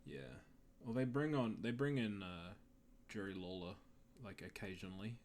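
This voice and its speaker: A man's voice: lowish voice, moderate pace, a little mellow. A young man co-hosting a podcast in casual chat, laid-back, laughing often and trailing off mid-sentence. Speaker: podcast co-host.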